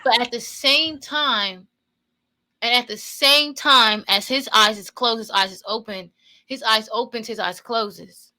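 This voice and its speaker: Brief: woman movie reactor, bright voice, loose and profane, repeats points. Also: fairly high pitch, unhurried. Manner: profane, repetitive, opinionated retelling. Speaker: movie commentator. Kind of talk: casual movie reaction commentary.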